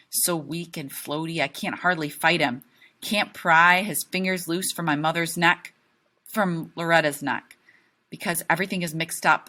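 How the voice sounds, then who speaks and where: A woman teacher reading a novel aloud to her class, steady and clear, stopping to ask questions. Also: low voice. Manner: steady storytelling with pauses for questions.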